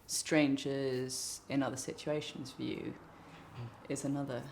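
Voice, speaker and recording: A woman's voice: very deep voice, flat delivery, slow pace, darkish tone, a little hiss or hum. A woman artist being interviewed, talking in a thoughtful, wandering way with restarts. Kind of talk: reflective interview talk.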